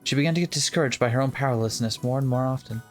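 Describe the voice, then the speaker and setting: A let's-play co-host reading a visual novel's narration aloud, playful and quick to joke between passages. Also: mid-range voice, soft background music. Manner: playful, breaks into laughter and jokes.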